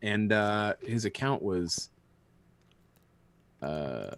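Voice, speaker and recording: A man's voice: lowish voice, animated, drawn-out words, fairly bright tone, dry recording. A man hosting a podcast in casual chat, rambling and groping for words as he plays listener questions. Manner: rambling, gropes for words, laughs often. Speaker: podcast host.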